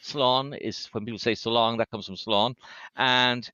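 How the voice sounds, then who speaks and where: Bright-voiced man explaining idioms with relish. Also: medium pitch, fairly even intonation, normal speed, no room sound, lo-fi sound. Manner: hesitant, many fillers and restarts; relishes idioms, enthusiastic asides. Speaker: interview guest, linguist. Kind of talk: conversational interview.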